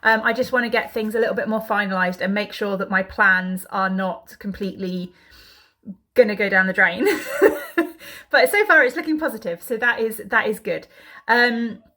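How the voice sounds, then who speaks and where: A woman's voice: medium pitch, lively intonation, normal speed, bright, forceful tone. A woman chatting casually to camera in a home vlog, rambling along with lots of ums. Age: adult mother. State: out of breath. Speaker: vlogger.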